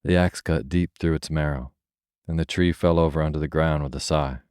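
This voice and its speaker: A man reading a bedtime fairy tale aloud in a slow, soothing, even narration. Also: very deep voice, clear, resonant tone, no echo, clean studio sound. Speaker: storyteller. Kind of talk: scripted bedtime story narration.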